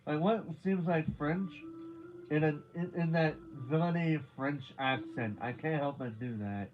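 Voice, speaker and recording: A man gives live watch-along commentary in a slow, drawn-out way, breaking into loud excited reactions and slangy asides. His voice sits a bit high for a man. The stream audio is dull and lo-fi, with a faint hiss underneath. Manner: excitable, swears casually, bursts into loud laughing reactions; talks in slangy "dude, bro" asides with restarts.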